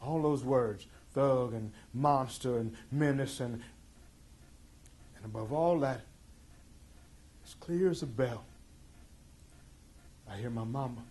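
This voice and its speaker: A middle-aged man telling a tense personal story in an intense, emphatic way, moving between loud passages and hushed ones. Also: medium pitch, slow, long pauses. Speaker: speaker. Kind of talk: dramatic storytelling talk.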